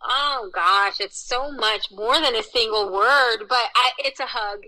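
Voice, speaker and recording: Bubbly bright-voiced woman chef. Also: a little high, unhurried, poor audio. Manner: bubbly, laughs often, trailing restarts. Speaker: chef guest. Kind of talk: casual interview chat.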